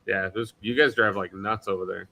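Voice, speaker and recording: A man co-hosting a maker livestream, chatting casually and telling animated stories with frequent swearing. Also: on the low side, a little fast, gravelly, dull audio. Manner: animated storyteller, swears freely. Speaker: livestream co-host. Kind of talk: casual chat.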